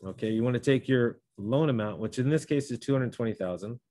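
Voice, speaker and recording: A man's voice: medium pitch, a little fast, mellow, dry recording. A man teaching a math lesson, talking through each step and correcting himself as he goes. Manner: talks through steps, self-correcting. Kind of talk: classroom lesson.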